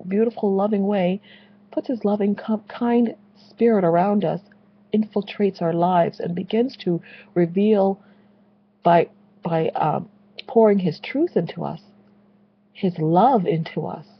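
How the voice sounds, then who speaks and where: A woman's voice: medium pitch, slightly rough, muffled recording. A woman delivering an impassioned, preachy religious rant, repeating phrases for emphasis. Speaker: Christian video blogger.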